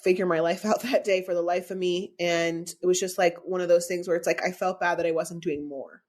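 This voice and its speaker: A woman's voice: fairly low pitch, fairly even intonation, a little mellow. Candid woman talking through tears. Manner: tearful, halting, open about feelings. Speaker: podcast co-host. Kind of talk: candid emotional podcast chat.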